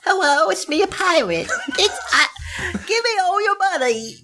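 A man voicing a silly ancient male pirate ghost in a tabletop game, with a high, drawn-out squeak. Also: very animated, noisy background. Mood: goofy.

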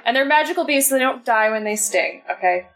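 Woman player in a tabletop game, a bit high, laughs a lot, gets excited. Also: rough recording. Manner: animated, giggly, quick asides. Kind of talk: casual tabletop play.

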